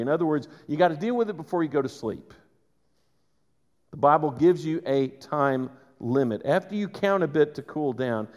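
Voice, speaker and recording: A man preaching a sermon, conversational and animated, with quick asides to the congregation. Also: on the high side. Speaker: pastor. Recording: reverberant church hall.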